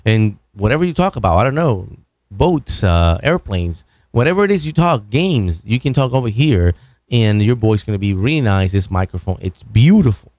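A very animated, slightly mellow man with a lowish voice hosts a microphone review video from his home studio desk. His casual demo patter is loose and full of restarts as he moves about the broadcast mic on its arm, the distance shifting, with no room sound.

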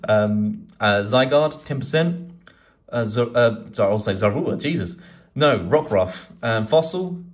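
Excitable, sweary man. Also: medium pitch, a little slow. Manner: excitable, swears a lot, rambles. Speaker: card collecting YouTuber. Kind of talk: casual pack-opening vlog.

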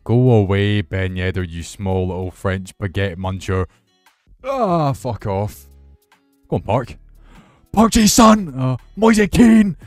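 A young man commentating his football video game with excitable, sweary banter. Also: on the low side, no room sound. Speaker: gaming YouTuber. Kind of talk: casual gameplay commentary.

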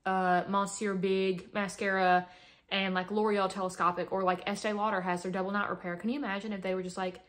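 A young adult woman doing a casual makeup vlog, chatty and dramatic with playful exaggeration, talking close to the camera at home. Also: medium pitch. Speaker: beauty vlogger.

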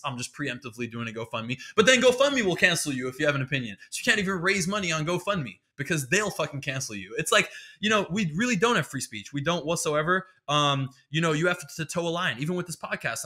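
Male podcast host, slightly high, sharp-toned voice, heated profane sarcastic rant. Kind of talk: ranting comedic monologue.

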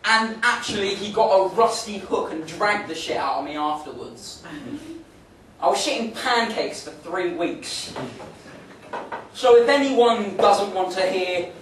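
A man's voice: high voice, animated, unhurried, fairly bright tone, recorded from a distance. Young man, pub comedy compère, jokey and self-mocking, echoey room, crowd murmur behind. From England. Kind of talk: stand-up compèring. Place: pub function room, live audience. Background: room noise, crowd murmur.

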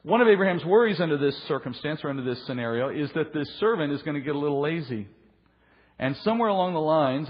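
A middle-aged male pastor preaching an earnest, explanatory Bible teaching, his voice a little husky. He lifts his pitch to stress a point. The recording is dull and lo-fi, with a long reverb trailing off his words.

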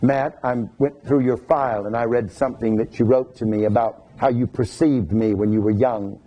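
A man's voice: medium pitch, steady tone, normal speed, breathy edge, dull audio. A male pastor preaching a sermon, reading scripture aloud in a formal cadence and breaking into folksy asides to his congregation.

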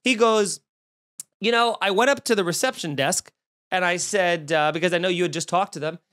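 A young man, a comedian hosting his podcast, telling a story as a profane, exasperated rant and acting out the quotes loudly. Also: high-pitched, normal speed. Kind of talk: animated comic storytelling rant.

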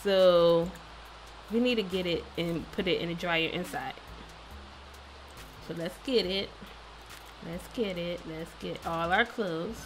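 A woman's voice: on the low side, slow pace, long pauses, slight background noise. Chatty woman narrating a game. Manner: chatty, playful, talks to the game characters. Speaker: gaming video host. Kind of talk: casual let's-play commentary.

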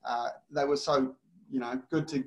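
A man, a startup co-founder, talking in an easygoing, halting way with false starts during a webinar. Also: medium pitch, little pitch movement, dull audio. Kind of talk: casual webinar conversation.

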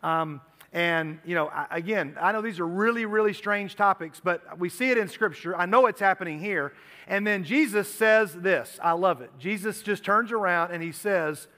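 A man's voice: high-pitched, brisk, sharp tone. A middle-aged man preaching a sermon to teenagers in an earnest, conversational way, often repeating himself. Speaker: youth pastor. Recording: long hall reverb.

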